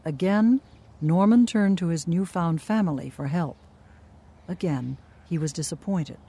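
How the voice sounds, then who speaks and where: A documentary narrator reading a scripted voice-over in a measured, even way. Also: medium pitch, breathy edge.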